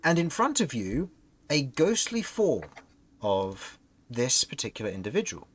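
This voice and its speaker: A man's voice: mid-range voice, sing-song, a little slow. A man narrating a tabletop game as game master, describing scenes and often laughing.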